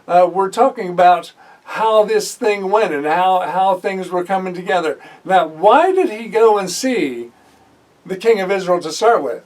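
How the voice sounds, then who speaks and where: A man's voice: sits high, darkish tone, distant mic, low-quality recording. A man teaching a sermon, reading scripture aloud and breaking off to comment conversationally, with frequent fillers and self-corrections. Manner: reads a passage, then stops to comment conversationally. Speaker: Bible teacher.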